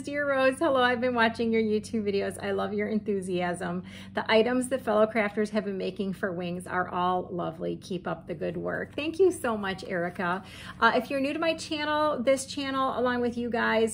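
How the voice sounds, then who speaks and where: A woman's voice: mid-range voice, vocal fry, slight background noise. A woman talking casually to camera from her home, chatty and gushing, with frequent ums and light laughs. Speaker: crochet vlogger. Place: home room with setting sun through the window.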